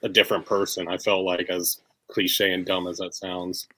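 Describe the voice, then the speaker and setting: A man's voice: deep voice, level tone, normal speed, pushed and bright, low-quality recording. A man co-hosting a casual comics chat, laid-back and thoughtful, with some hesitations.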